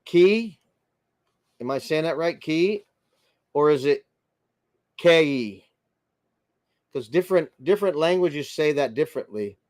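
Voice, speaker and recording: A man's voice: a little high, expressive, unhurried, long pauses, darkish tone, no room sound, clean studio sound. An American man hosting a casual livestream, greeting viewers by name and chatting through their comments in a friendly, rambling way. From United States. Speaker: livestream host.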